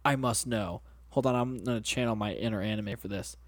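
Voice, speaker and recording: A man's voice: on the low side, fairly quick. A man co-hosting a podcast, reading a story aloud with quips and laughter. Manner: joking, interrupting with quips and laughs. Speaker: podcast co-host. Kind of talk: comedic reading of a story with commentary.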